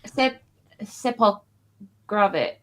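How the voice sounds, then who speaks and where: A woman's voice: mid-range voice, animated, extremely slow, a bit bright. A woman co-hosting a live stream in casual chat, rambling and self-deprecating with a jokey edge. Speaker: streamer co-host. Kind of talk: casual stream chat about a card game.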